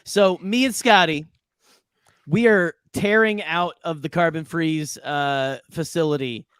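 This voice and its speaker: A man's voice: on the high side, a little slow, a bit bright, clear, resonant tone, dry recording. A man chatting casually as a player in a tabletop game, rambling with many restarts. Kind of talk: casual role-play chat.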